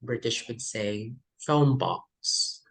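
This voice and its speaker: A woman runs a vocabulary lesson for test prep. She speaks slowly and deliberately, reading out word pairs and adding quick Tagalog asides. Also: rumbling low, a bit bright, poor audio. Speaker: English test coach.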